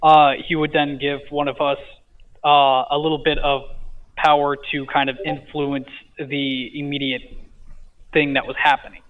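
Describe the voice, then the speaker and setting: A man's voice: a little high, flat delivery, normal speed. A man, a podcast guest, casually retelling a dream, hesitant with many fillers and a stutter he mentions himself. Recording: tinny phone-like line.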